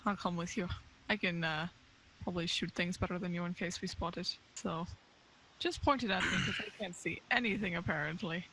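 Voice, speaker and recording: A man's voice: high voice, fairly quick, sharp tone, a little hiss or hum, low-quality recording. A man playing a tabletop game, teasing in a dry way. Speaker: player. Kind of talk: casual tabletop play.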